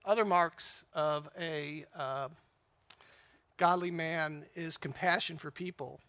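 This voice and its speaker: A man's voice: fairly high pitch, slow, bright, forceful tone. A man giving an informal, rambling church talk to a men's group. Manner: conversational, rambling with fillers.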